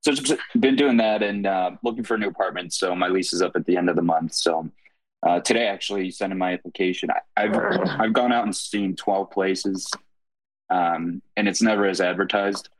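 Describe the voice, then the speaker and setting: A man with a very deep voice catches up casually with friends. His tone is relaxed and quietly wry. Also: a little fast, dry recording, rough recording. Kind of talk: casual chat.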